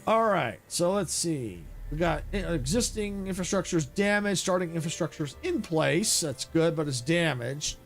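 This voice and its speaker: A man giving live gameplay commentary in a gravelly, slightly raised voice. He thinks aloud casually and gets excited about what he sees, with faint game music underneath. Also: a little high, normal speed, hardly any pauses. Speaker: video game streamer.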